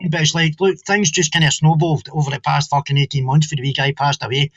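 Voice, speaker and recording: A man's voice: on the high side, level tone, quick pace, a bit bright, slight background noise. A man on a livestream call, blunt and swearing freely. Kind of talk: casual livestream chat. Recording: dull lo-fi call audio.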